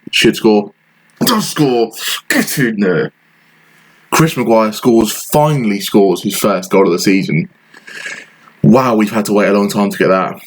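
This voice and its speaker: A man's voice: on the low side, rough recording. A man giving frustrated, sarcastic play-by-play commentary over a football management game he is playing. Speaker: gaming channel host.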